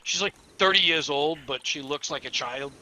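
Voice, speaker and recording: A man's voice: a little high, normal speed, sharp tone, a little hiss or hum. A man chatting casually while gaming, rambling through crude stories and laughing at his own jokes. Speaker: player telling stories.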